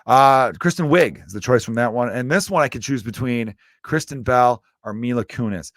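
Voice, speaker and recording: A man's voice: mid-range voice, no room sound, studio quality. A man from the United States hosting his own comedy podcast, rambling through a casual rant with loose, profane, self-mocking asides. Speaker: stand-up comedian podcast host.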